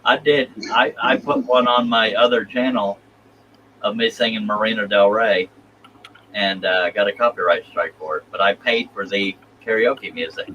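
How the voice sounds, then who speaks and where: Male stream host, low pitch, chatty, reads chat aloud. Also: fairly even intonation, moderate pace, pushed and bright, highs cut off, slight background noise. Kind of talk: casual live stream chat.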